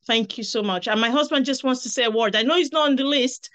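A woman speaks in a somewhat high voice, heartfelt and a little halting, stretching some words slowly. She is talking over a video call. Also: fairly bright tone. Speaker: guest speaker, daughter of the author. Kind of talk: emotional tribute speech.

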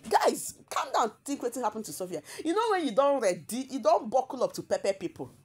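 Animated Nigerian woman gossiping. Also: on the high side, fairly quick, breathy edge. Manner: emphatic and repetitive, often laughing. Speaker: celebrity gossip vlogger. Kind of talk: casual gossip commentary.

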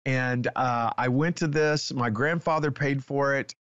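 Man, guest author, excitable testimony, dry and slightly dull studio audio. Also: medium pitch, measured pace, dry recording. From Texas. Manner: excitable storyteller, acts out dialogue. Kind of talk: animated personal testimony.

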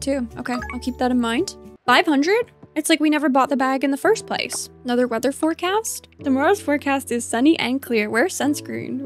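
A woman chats her way through a cozy farming game, playful and easily delighted. Her voice sits on the higher side, and soft game music hums behind her. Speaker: let's play host. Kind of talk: casual gameplay commentary.

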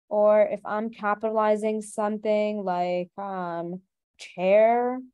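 A woman tutoring over a webinar speaks briskly in a mellow, darkish voice of medium pitch, and the audio sounds dull. She breaks the lesson into steps and keeps posing rhetorical questions to lead her students along.

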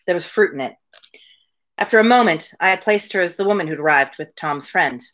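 A woman reading a novel aloud from her home on a daily livestream, her voice pitched slightly low. She moves between the narration and casual, chatty asides addressed to her viewers. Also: lively intonation, brisk, fairly bright tone. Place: home room with window blinds.

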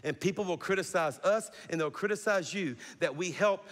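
Middle-aged male pastor, animated sermon, slightly high voice, big hall reverb. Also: normal speed. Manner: animated preaching with call-and-response. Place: large church hall. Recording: long reverb of a large hall.

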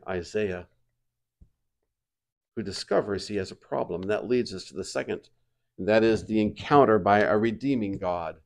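A male pastor preaching a sermon, swinging between quiet reflective passages and loud, emphatic declarations. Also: on the low side, creaky. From United States.

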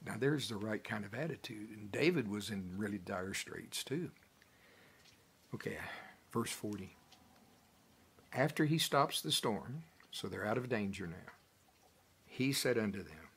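A pastor preaching a folksy, animated sermon, chuckling as he talks it through. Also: lowish voice, normal speed, slightly rough. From United States. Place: church.

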